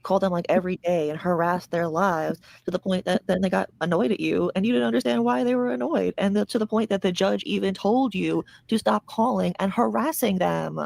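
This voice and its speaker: A woman's voice: medium pitch, a little fast, creaky, few pauses, a little mellow, dry recording. A woman hosting a drama commentary show, ranting in a sarcastic, mocking and profane way. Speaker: commentary channel host.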